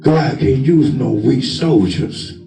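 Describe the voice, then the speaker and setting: A man preaching a sermon in a loud, forceful, commanding manner. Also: mid-range voice, animated, slow, vocal fry. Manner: emphatic, loud, commanding, says he talks with force. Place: church. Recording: echoey church with organ music behind.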